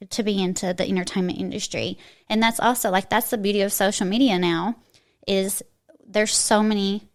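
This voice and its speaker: A woman with an eastern Kentucky twang talking as a podcast guest in a chatty, emphatic way, often restarting her sentences. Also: mid-range voice. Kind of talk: casual interview chat.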